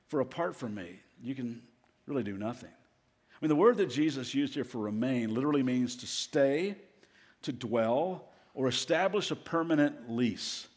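A man giving a sermon as guest pastor, telling stories in an animated way and acting out the voices he quotes. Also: mid-range voice, normal speed, big-room sound.

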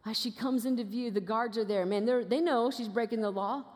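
A woman guest preacher giving a sermon as lively, conversational storytelling in a church auditorium. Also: on the high side, fairly quick. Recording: long reverb of a large hall.

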